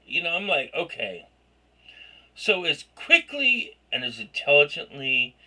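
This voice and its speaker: High-voiced man ranting excitedly. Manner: excitable, rambling, bursts into shouts and laughter. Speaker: vlogger. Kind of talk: casual vlog rant.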